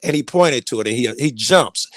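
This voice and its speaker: A man spins a rambling, profanity-laced story in casual conversation, stumbling through fillers and restarts. His voice sits at a middling pitch. The sound is dry and close. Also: expressive, moderate pace, no echo.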